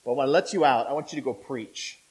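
A man's voice: medium pitch, fast, darkish tone, slightly rough, pitched below the performer's own voice, close to an everyday voice, poor audio. A man voicing an angel who frees prisoners and speaks to them in a casual, plainspoken way. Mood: instructing. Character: matter-of-fact angel freeing prisoners.

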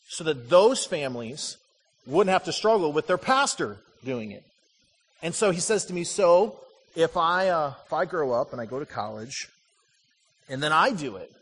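A man preaching from the pulpit, middle-aged and high-voiced. He tells stories and drives home short repeated lines, and his words ring out with a long reverb through the church hall. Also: breathy edge. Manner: animated storytelling with punchy repeated lines. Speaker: pastor. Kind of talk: sermon.

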